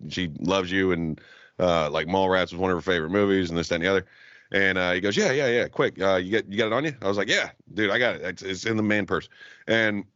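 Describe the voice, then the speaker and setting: A man's voice: lowish voice, sharp tone, dry recording. A man co-hosting a podcast, telling profane, laughing stories in casual chat and acting out what others said. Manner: profane, laughing, acts out quotes. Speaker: podcast co-host. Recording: dull, lo-fi podcast audio.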